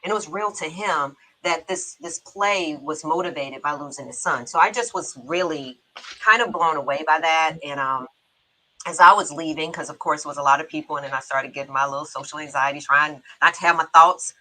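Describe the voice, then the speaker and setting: A middle-aged woman hosting a talk show, telling a personal story in a chatty, quick-bursting way with laughs in her speech. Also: deep voice, sharp tone, a little hiss or hum, rough recording. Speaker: show host. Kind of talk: casual heartfelt talk-show chat.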